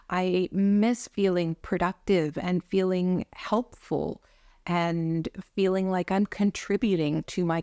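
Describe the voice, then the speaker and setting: A woman speaking candidly and earnestly to camera about healing, in a gently encouraging personal vlog. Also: on the low side, dry recording, clean studio sound. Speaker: vlogger sharing concussion recovery. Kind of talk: personal reflective talk to camera.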